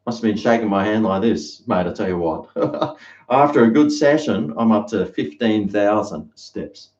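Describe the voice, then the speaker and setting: A man's voice: lowish voice, normal speed, darkish tone. An Australian man chatting casually to his live-stream viewers in a rambling, storytelling way, at home in his kitchen. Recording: roomy, dull lo-fi sound.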